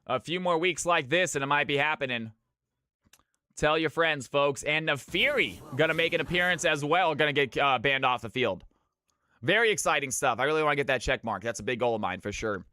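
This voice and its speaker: A man hosts a live stream as its shoutcaster, calling the match and welcoming viewers by name with announcer-style hype. His voice sits a little high and rings bright. The sound is dry and close. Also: fairly quick, dry recording. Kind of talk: live esports commentary.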